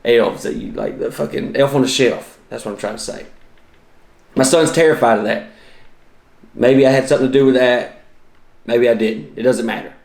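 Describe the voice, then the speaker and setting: A man's voice: medium pitch, moderate pace, gravelly, long pauses, a little mellow, roomy sound. A man, hosting a podcast and telling comic stories in a profane, exaggerated, self-mocking way. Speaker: podcast host and comedian. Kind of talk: comedic storytelling monologue.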